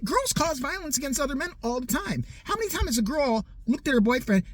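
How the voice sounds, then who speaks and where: A man's voice: very high-pitched, big pitch swings, quick pace, a bit bright, dry recording. A man in his forties delivering a profane, mocking comedic rant in a heated way. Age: 40s. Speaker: comedic ranter.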